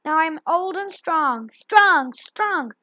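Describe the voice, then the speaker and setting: A woman reading aloud, voicing a huge, gloating old male dragon who mocks and boasts loudly. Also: high voice, lively intonation, a little slow, no echo. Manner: mocking and boastful, loud declaiming.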